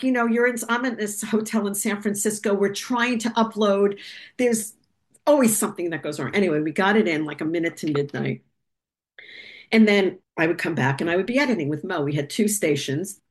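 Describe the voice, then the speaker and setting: A woman filmmaker telling a lively story on a video call, talkative and animated, acting out the voices of people she quotes. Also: medium pitch. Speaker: documentary filmmaker, guest.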